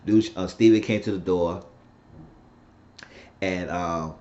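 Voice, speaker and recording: A man with a fairly low voice rambles through an episode recap, swearing freely and acting out what each character said. The recording sounds slightly dull and lo-fi. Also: steady tone, slow pace, darkish tone. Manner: rambling, profane, acts out characters' lines. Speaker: TV recap reviewer. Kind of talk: casual spoken episode recap.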